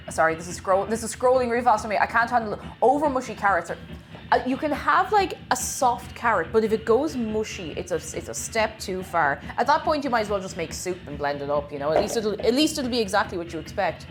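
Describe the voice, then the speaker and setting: A woman's voice: mid-range voice, animated, quick pace, soft background music. A woman chatting casually on a cooking live stream, reading chat aloud and laughing often.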